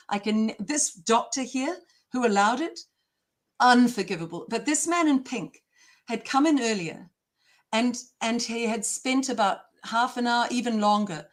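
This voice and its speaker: Her voice on the high side, this New Zealand woman speaks passionately as an interview guest, emphatic and indignant with strong emotion.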